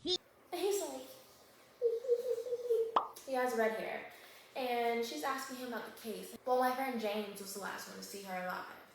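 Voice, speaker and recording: A woman recapping a thriller book in a casual vlog, acting out the characters in animated voices and often checking in with the viewer. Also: a little high, normal speed, slight background noise. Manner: animated storyteller who acts out characters. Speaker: book vlogger. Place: home kitchen while baking. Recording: very echoey room.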